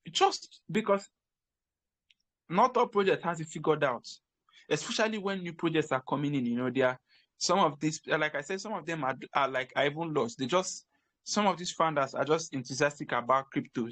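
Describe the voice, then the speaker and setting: A man's voice: a little high, expressive, moderate pace, fairly bright tone, no room sound. A man from Africa giving casual, emphatic career advice on crypto work. He repeats key points and often restarts his sentences. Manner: repetitive, emphatic, frequent restarts.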